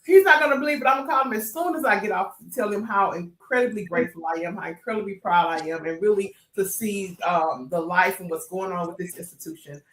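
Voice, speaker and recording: A woman's voice: medium pitch, fast, hardly any pauses, fairly bright tone, roomy sound. A woman hosting a podcast, effusive and emotional, laughing often and using casual slang. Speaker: podcast host. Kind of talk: casual interview chat.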